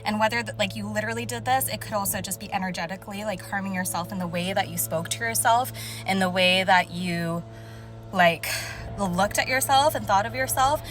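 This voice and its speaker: A young woman speaking casually as a spiritual channeler, emotional and halting, full of fillers as she describes images to viewers. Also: mid-range voice, a bit bright, faint music behind. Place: car.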